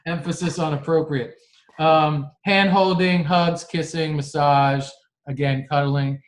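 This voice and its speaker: A man's voice: fairly high pitch, fairly even intonation, a little slow, slight background noise. A man co-hosting a podcast, talking earnestly in casual chat and often restarting his sentences. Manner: earnest, frequent restarts and laughs. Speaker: podcast co-host.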